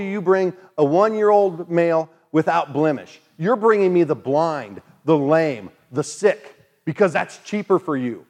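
Guy giving a sermon, kinda higher voice, chatty, does little voices for the people he quotes. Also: expressive, unhurried, hardly any pauses, darkish tone. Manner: conversational preaching, acts out quoted voices. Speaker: pastor.

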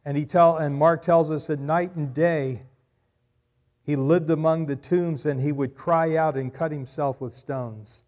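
A male pastor preaching a sermon, swelling loud on key phrases and dropping quiet after them. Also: fairly high pitch, steady tone, unhurried.

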